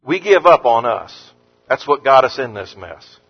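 A man preaching an earnest sermon as pastor, lifting his voice on scripture quotes and dropping low and soft on words of comfort. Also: big pitch swings, unhurried, slightly rough. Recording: muffled sound with long hall reverb.

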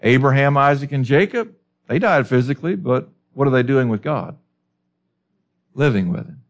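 Lively, emphatic male preacher. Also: medium pitch, normal speed. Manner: lively, emphatic Bible teaching with rhetorical questions. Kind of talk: sermon.

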